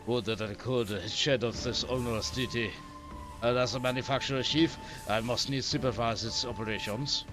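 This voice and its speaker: A man's voice: medium pitch, steady tone, music in the background, voice pushed down, lightly acted. A man voicing a haughty older noble father who talks down to his son in a pompous, archaic way, reading game dialogue aloud. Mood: disdainful. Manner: pompous, archaic, slow and heavy.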